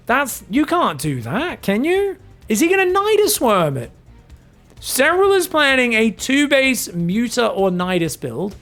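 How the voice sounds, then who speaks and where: An Australian man giving excited, casual, jokey esports commentary, sometimes swearing. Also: high-pitched, gravelly. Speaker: esports caster.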